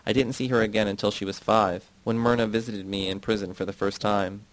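A man narrating an audiobook in a measured, steady reading voice. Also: lowish voice, no echo, low-quality recording. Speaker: audiobook reader. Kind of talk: scripted narration.

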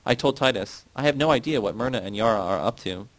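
A man's voice: mid-range voice, lively intonation, fast talker, no room sound, rough recording. Man reading a novel, dry and close. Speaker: audiobook narrator. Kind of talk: scripted narration.

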